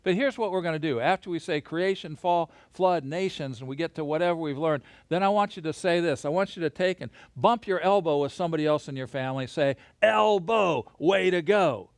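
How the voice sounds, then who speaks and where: A man teaching a Bible lesson to children and families, lively and encouraging, guiding them through hand motions as he talks alone into a camera. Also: a little high, fast, few pauses, smooth, no room sound. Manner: lively, gesture-led, encouraging.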